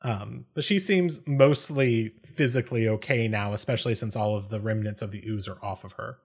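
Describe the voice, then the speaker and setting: A man's voice: fairly low pitch, moderate pace, a little mellow, husky. A man narrating as game master of a tabletop game, casual with many fillers. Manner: casual, many ums and likes.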